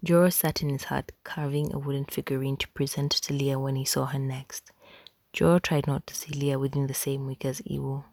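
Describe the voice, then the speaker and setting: A woman narrating a story in a hushed, unhurried whisper. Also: a bass voice, flat delivery, gravelly, no echo.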